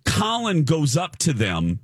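A man's voice: on the high side, slow pace, dry recording, clean studio sound. A man hosting a podcast, telling a story in a casual, emphatic and indignant way. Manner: animated, emphatic, indignant retelling.

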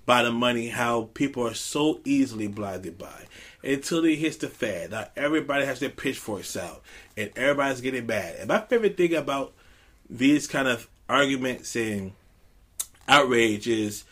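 A man's voice: mid-range voice, expressive, normal speed, fairly bright tone. A man on a podcast speaking casually, thinking aloud and checking in with his listeners. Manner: laid-back, thinking aloud, frequent "right?" tags. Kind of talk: casual conversational commentary.

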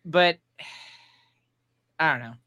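A young man hosts a podcast, chatting loosely and breaking into laughter. His voice is bright and forward, sitting a little high. The sound is close and dry. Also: very slow, no echo, highs cut off. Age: young adult. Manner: laughs easily, loose rambling delivery. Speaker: podcast host. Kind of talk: casual chat.

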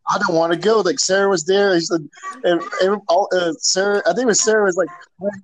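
High-voiced chatty man. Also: steady tone, quick pace, low-quality recording. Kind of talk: casual chat.

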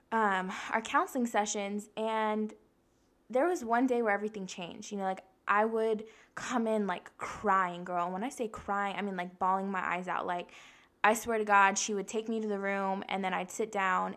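A woman's voice: medium pitch, a bit bright. A young woman hosting a casual self-help podcast, blunt and profane, talking straight to her listeners and acting out the voices she quotes. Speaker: podcast host.

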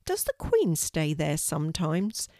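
A woman's voice: deep voice, wildly swooping pitch, unhurried, dark tone, no room sound, studio quality, full character voice. A woman voicing a cheerful, kind young girl in a storybook reading, eager and polite.

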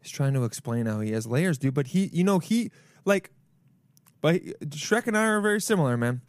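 A man's voice: a little high, animated, moderate pace, no room sound. Rambling, jokey young man podcasting alone. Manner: rambling, loud, jokey, swears a lot. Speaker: podcast host. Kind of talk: solo podcast rant. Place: apartment. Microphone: camera mic.

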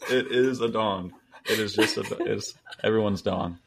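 A young man in his twenties with a low, gravelly voice that rumbles with vocal fry. He tells rambling stories in a relaxed chat, chuckling through them. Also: moderate pace, background noise. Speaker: podcast guest. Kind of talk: casual storytelling chat.

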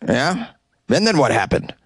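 A man's voice: mid-range voice, big pitch swings, a little slow, husky, dry recording, clean studio sound. A man doing a prodding cop asking questions. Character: male police officer interrogating a witness.

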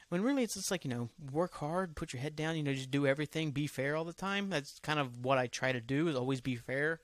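A man's voice: a little high, quick pace, few pauses, fairly bright tone, no echo. A man hosting a solo podcast, rambling from topic to topic in loose, profane talk that often trails off. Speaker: podcast host.

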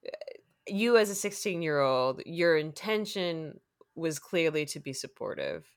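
A woman's voice: low-pitched, sing-song, unhurried, dry recording, studio quality. A woman hosting a podcast, talking reflectively in casual chat, with loose fillers. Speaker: podcast host.

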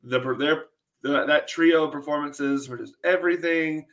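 Male co-host, bright tone, easygoing moderator, soft trailing endings. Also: fairly high pitch, moderate pace. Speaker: podcast co-host. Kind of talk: casual chat.

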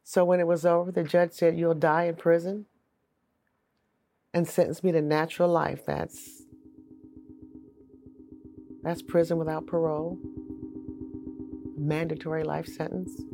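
A woman's voice: deep voice, little pitch movement, measured pace, creaky, pauses often, dark tone, soft background music. A middle-aged woman giving earnest, emotional personal testimony in an interview.

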